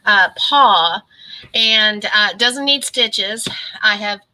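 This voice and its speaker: A woman's voice: mid-range voice, extremely slow, sharp tone, low-quality recording. A middle-aged woman chatting casually on a live stream and greeting viewers by name. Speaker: keto vlogger.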